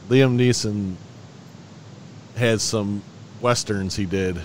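A man co-hosting a podcast, speaking bluntly with frequent swearing and halting restarts. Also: fairly low pitch, a little mellow, a little hiss or hum. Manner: blunt and profane, talks in restarts. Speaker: podcast co-host. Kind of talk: casual podcast banter.

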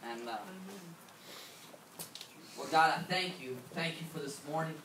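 A male pastor praying and preaching casually, halting with fillers and repeats. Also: fairly high pitch, noisy background. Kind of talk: sermon with opening prayer. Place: church sanctuary. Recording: echoey church hall from far off, music behind.

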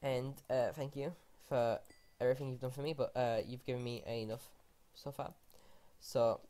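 A woman casually commenting on her own game play, excitable, often gasping and exclaiming in disbelief. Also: a bass voice, moderate pace. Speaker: gaming channel host.

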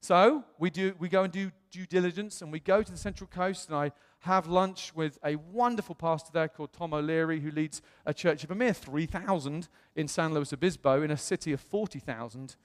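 A man's voice: a little high, a little fast, hardly any pauses, in a large hall. A British man, a pastor, telling a story in a sermon and acting out the voices of the people he quotes. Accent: British English. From England. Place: church auditorium.

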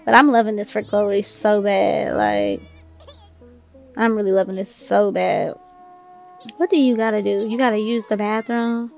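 Sassy gravelly-voiced woman game commentator. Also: medium pitch, fairly even intonation, a little slow, darkish tone, soft background music. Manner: sassy, talks back to the game characters; swears casually, informal slang. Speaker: let's play creator. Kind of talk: casual gameplay commentary.

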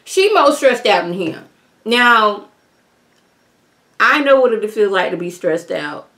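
A woman's voice: mid-range voice, big pitch swings, slow pace, a bit bright. A woman YouTuber giving a casual, sassy review of a reality TV episode, talking straight to her viewers and sounding exasperated.

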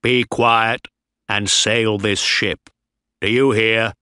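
A man voicing a strict, stern ship's captain who barks orders at his crew in a slow, dry storybook reading. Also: on the low side, steady tone, pushed and bright, clear, resonant tone, no echo. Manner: barking orders.

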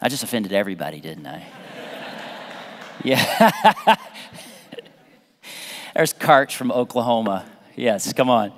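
A pastor from the American South preaching a sermon in an animated, conversational way, often repeating phrases and restarting sentences. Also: male voice, medium pitch, slow, long pauses. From Southern United States. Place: church sanctuary. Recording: long reverb of a church hall.

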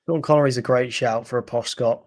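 A man's voice: mid-range voice, steady tone, a little fast, darkish tone. A man co-hosting a casual tennis watchalong, chiming in with short remarks and laughs. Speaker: co-host.

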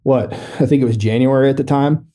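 A middle-aged veteran tells a personal story in a podcast interview in the studio, his male voice warm, mid-range, and fairly even in intonation. He's loose and halting, full of fillers, and jokes plainly about serious matters.

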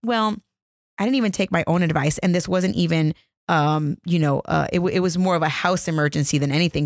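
A woman's voice: on the low side, brisk, no room sound, clean studio sound. A woman in her thirties hosting a podcast, telling a story in a casual, chatty, laughing way into a microphone at home. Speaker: podcast host. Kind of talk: casual chat. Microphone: studio microphone.

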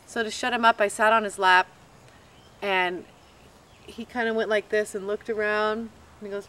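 A woman telling the story of her proposal in a lively, animated way. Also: on the high side, normal speed. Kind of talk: casual storytelling.

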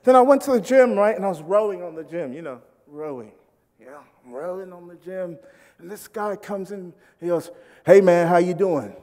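A man from Britain tells humorous stories from the pulpit in British English, acting out the characters in an animated way and joking with the crowd. His voice sits high and moves at a moderate pace, echoing with a long hall reverb.

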